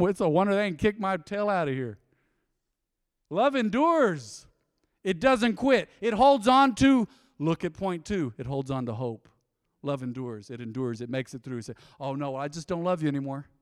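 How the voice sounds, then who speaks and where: A man preaching a sermon as pastor, emotive and energetic, swinging between loud bursts and quiet asides. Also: on the high side, clean tone, dry recording, studio quality, big-room sound.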